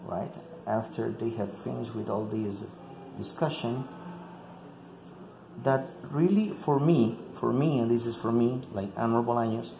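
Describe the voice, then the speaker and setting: A man who teaches English explains a classroom activity to other teachers in careful steps, using a medium-pitched, mellow, dark voice with some vocal fry and a measured pace. "Like" comes up constantly, along with repeated words, against an echoey room with faint ambient noise.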